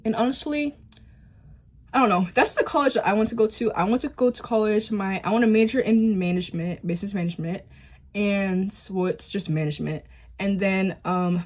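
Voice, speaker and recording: A teenage girl talks to her phone camera while doing her makeup, chatty and rambling. Her pitch sits in an ordinary middle range. She fills pauses with "like" and "um". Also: darkish tone. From Boston area, US. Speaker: beauty vlogger. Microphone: phone camera at close range.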